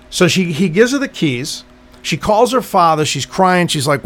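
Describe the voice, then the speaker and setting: A man telling a story in casual chat, animated and profane, acting out what people said in quick bursts. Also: high-pitched. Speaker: podcast co-host telling a story.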